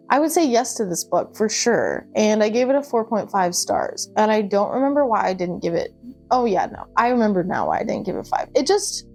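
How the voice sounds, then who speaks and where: Young adult woman, casual book vlogger, gushy and chatty, medium pitch, faint music bed. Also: gravelly, a little mellow. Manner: chatty and gushing, with laughs and asides. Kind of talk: casual chat.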